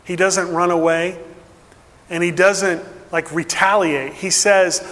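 A male pastor preaching a sermon earnestly, dropping to a hush and then building with emphasis. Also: high voice, steady tone, takes it slowly, big-room sound.

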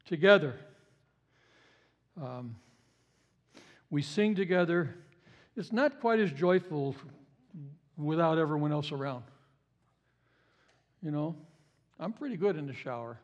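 A man with a notably high voice preaches a sermon, chatting to his congregation more than lecturing. He drives points home by repeating them, jumping from loud emphatic bursts down to quiet low asides. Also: expressive, takes it slowly, pauses often, lo-fi sound. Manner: conversational, repeats key phrases for emphasis. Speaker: pastor.

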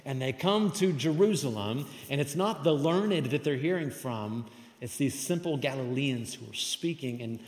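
A man's voice: mid-range voice, darkish tone. A man giving a sermon as pastor, emphatic and conversational. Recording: echoey hall with long reverb.

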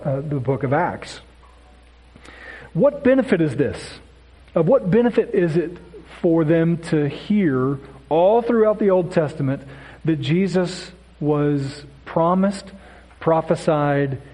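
A man's voice: on the high side, warm tone. A man giving a casual Bible lesson, often asking "right?" and stumbling over repeated words. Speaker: Bible teacher. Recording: echoey hall with long reverb.

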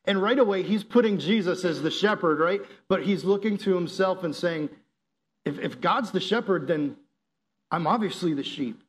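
A man's voice: high-pitched, normal speed. A young man from the United States giving a casual youth sermon, telling stories in a joking, slangy way. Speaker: youth pastor.

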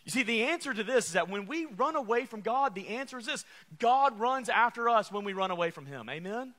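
A man's voice: very high-pitched, expressive, brisk, pushed and bright. A man preaching a sermon, calling out to the congregation and repeating refrains. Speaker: pastor.

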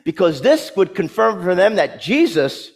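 A man's voice: high voice, sing-song, a little slow, long reverb tail. A man preaching a sermon, telling the story vividly and dramatically with touches of humor.

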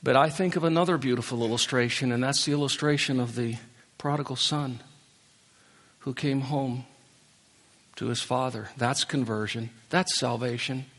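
A male pastor delivers a sermon in a church worship center, his voice sitting at an ordinary middle pitch. He pleads earnestly with his listeners, building to impassioned appeals before dropping back to a soft, intimate tone. The recording carries the long reverb of a large hall. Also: steady tone, normal speed.

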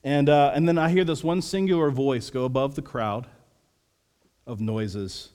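Earnest pastor preaching in a reverberant hall. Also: male voice, medium pitch, fairly even intonation, unhurried. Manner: earnest, drops to soft quiet delivery. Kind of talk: sermon.

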